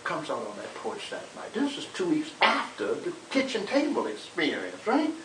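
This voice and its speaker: An older minister recalls the past in a lively, storytelling voice, stumbling over repeated words as he goes. He sounds far from the mic in an echoey room. A steady hiss runs under the whole recording. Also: fairly high pitch, normal speed. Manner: animated storyteller, dramatic quotes, many repeated words. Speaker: civil rights era minister recounting history. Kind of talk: conversational storytelling interview.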